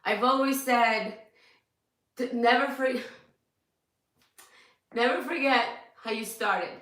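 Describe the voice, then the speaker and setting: A woman fitness coach talking casually to her followers, tearful and rambling, with quick bursts and laughs. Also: fairly high pitch, fairly bright tone, far from the mic. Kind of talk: emotional casual talk to followers. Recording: echoey room, voice off-mic.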